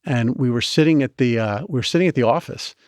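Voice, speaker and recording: Male guest, animated storyteller, restarts a lot, mid pitch, dry close mic. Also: fast talker, no echo. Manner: animated, chatty, with many restarts. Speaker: guest, medical device inventor. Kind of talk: storytelling in a podcast interview.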